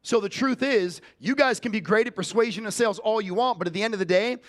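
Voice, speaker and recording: Cocky sales coach guy giving a keynote, kinda high voice, swears a lot, super blunt. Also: a bit bright. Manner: brash, profane, emphatic. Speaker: sales trainer and keynote speaker. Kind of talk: motivational keynote speech. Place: conference stage before an audience.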